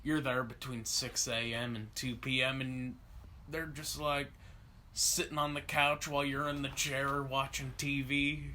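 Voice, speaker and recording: A man's voice: medium pitch, level tone, pushed and bright. Teasing podcast guy, faint background hiss. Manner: teasing, quick jokey interjections. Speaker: podcast co-host. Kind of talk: casual chat.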